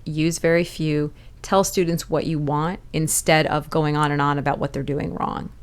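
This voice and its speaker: A woman's voice: fairly low pitch, smooth. A middle-aged woman hosting an education podcast, giving candid advice in a conversational way with little laughs.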